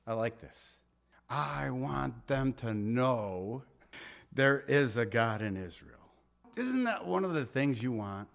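A man preaching a conversational sermon, acting out scenes with jokes and asides. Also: fairly high pitch.

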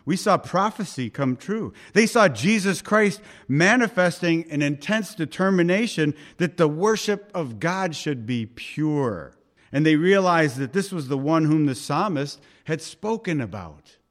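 A middle-aged male pastor preaching a sermon, swinging between loud urging and hushed asides and acting out the voices he quotes. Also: on the high side, animated, unhurried.

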